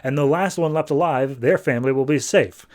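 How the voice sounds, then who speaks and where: A man's voice: mid-range voice, brisk, a little mellow, lightly acted. A man voicing a smug, cold female killer taunting her captives, in a comic recap. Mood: mocking.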